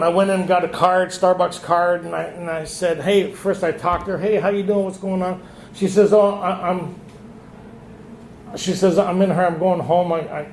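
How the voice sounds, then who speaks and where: A man's voice: fairly high pitch, a little mellow, a little hiss or hum. A man sharing his story at a recovery retreat, acting out the dialogue he quotes. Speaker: retreat speaker. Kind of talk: recovery meeting share. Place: meeting hall. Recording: echoey room.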